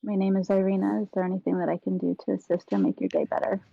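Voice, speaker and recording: A woman's voice: mid-range voice, fairly even intonation, fast talker, creaky, dry recording, dull audio. A woman voicing a polite, kindly young woman who formally offers to help. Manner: formal, courteous.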